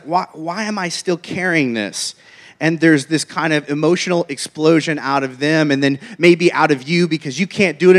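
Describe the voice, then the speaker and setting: A man with a notably high voice preaches in a loose, chatty manner. He tells his story with jokes and asides, keeping the sermon conversational. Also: fairly bright tone.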